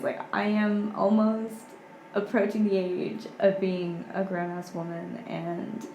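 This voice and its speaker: A young woman in her twenties, a podcast guest chatting casually and softly, with lots of "like". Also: mid-range voice, flat delivery, slow, roomy sound, dull audio, slight background noise. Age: 20s. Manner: soft-spoken, heavy use of "like". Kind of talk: casual chat.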